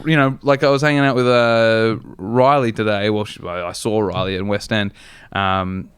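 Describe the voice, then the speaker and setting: A young Australian man with a smooth, resonant voice, telling rambling, profane anecdotes on a comedy podcast. The sound is dry and close, with no room around it. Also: lowish voice, steady tone, moderate pace, a bit bright, no echo. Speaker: podcast co-host. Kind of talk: casual comedy chat.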